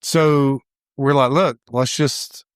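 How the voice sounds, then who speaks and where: A middle-aged man, a salon owner and podcast co-host, telling a story in casual chat, animated and acting out quoted voices. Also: medium pitch, takes it slowly, smooth, no room sound, studio quality.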